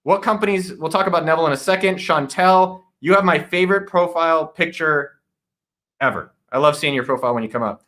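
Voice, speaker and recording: A man's voice: on the high side, fairly quick, fairly bright tone. A man hosting a casual live office-hours stream, energetically greeting viewers by name and joking around. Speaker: livestream host. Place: home studio in a guest room.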